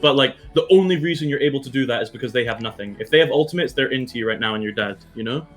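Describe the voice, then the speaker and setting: A man's voice: mid-range voice, racing, faint music behind. A man coaching his esports team through a match review, direct and blunt, swearing freely and checking in with his players often. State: has the hiccups.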